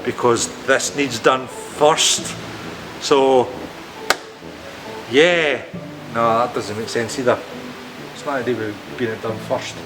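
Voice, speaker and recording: A man's voice: medium pitch, fairly even intonation, takes it slowly, long pauses, background noise. Self-mocking man fluffing his lines. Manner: stumbling, self-mocking, swears at his own slips. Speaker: boat-building vlogger. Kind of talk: casual to-camera vlog outtakes. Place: aboard a boat under construction, indoors.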